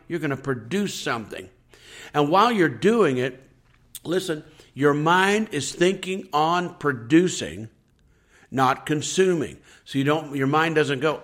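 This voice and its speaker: A man's voice: on the high side, animated, a little slow, fairly bright tone. A man who is a pastor, talking earnestly on a faith podcast, repeating his points and acting out people's complaints. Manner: earnest, repetitive preaching with acted-out complaining quotes.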